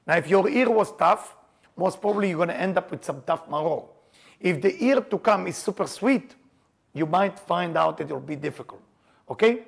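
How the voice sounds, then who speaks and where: A man teaches a group about the Passover seder, his voice gravelly and husky. He pitches it fairly high and tells stories with jokes and sudden bursts of emphasis. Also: normal speed. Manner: animated storyteller, laughs and jokes, shouts for emphasis. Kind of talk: lively teaching talk to a group.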